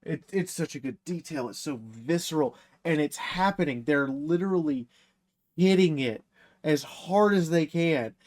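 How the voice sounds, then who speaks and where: A man with a fairly high voice, chatting on a podcast. He is enthusiastic as he describes scenes and swears casually. His delivery is loose and conversational. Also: a little slow, darkish tone. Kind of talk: casual podcast chat about a novel.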